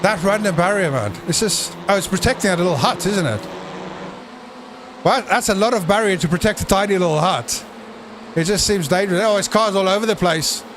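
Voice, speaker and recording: Man, live sim race commentary, jokey, excitable, high pitched, noisy mix. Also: brisk. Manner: excitable, jokey, bursts into shouts at crashes.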